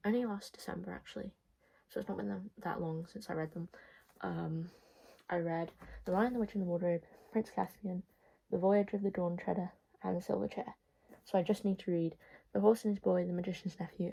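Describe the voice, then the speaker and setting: A woman's voice: fairly low pitch, creaky, warm tone, rough recording. A woman chatting casually to camera about books, self-deprecating and sometimes dropping into whispered asides. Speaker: book vlogger.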